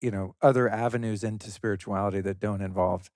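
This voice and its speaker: A man's voice: on the low side, steady tone, fast talker, no echo, clean studio sound. Thoughtful man hosting a podcast. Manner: thoughtful, rambling with fillers, gentle laughs. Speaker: podcast host. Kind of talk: interview conversation.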